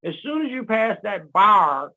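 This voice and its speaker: A man with a high, gravelly voice talks in a loose, teaching way. He acts out little quotes and laughs at his own jokes, on a dull, lo-fi recording. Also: very animated, unhurried, bright, forceful tone. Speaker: guest speaker. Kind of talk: casual teaching talk. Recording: dull lo-fi sound.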